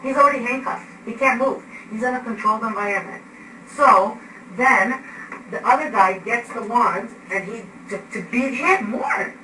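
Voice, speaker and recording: Her voice is fairly high and her speed normal as she recounts, in an agitated way, an arrest she witnessed. At home indoors, she animatedly acts out the events with gestures. The mic is far off in an echoey room with noise in the background.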